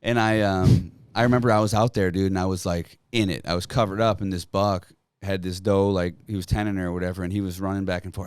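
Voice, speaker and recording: Cussing, rambling hunter guest. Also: male voice, deep voice, fairly even intonation, fast, clear, resonant tone, no room sound. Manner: loose, profane storytelling with lots of fillers. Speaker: podcast guest, bowhunter. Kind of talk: casual chat.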